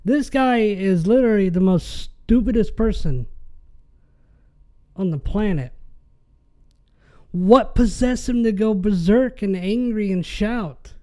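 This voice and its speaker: A man's voice: sits high, slow pace, long pauses, dark tone. A man hosting a podcast, ranting in an exasperated, casual way. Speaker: podcast host.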